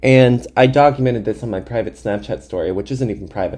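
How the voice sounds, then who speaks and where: Podcast host in his twenties, animated comic storyteller with a mellow voice, mocks himself and swears freely. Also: mid-range voice, normal speed. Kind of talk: comedic storytelling monologue.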